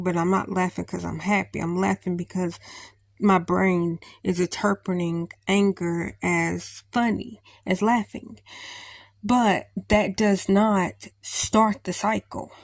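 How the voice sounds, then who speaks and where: A woman's voice: mid-range voice, dry recording, studio quality. A woman vlogger talking through her feelings in a rambling, thinking-aloud way with many restarts. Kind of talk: personal reflective talk to camera.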